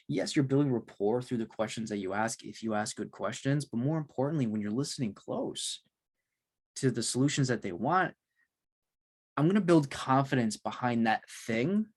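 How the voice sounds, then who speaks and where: A man hosting an interview, explaining his ideas in steady, casual talk with frequent "like"s. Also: mid-range voice. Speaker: podcast host.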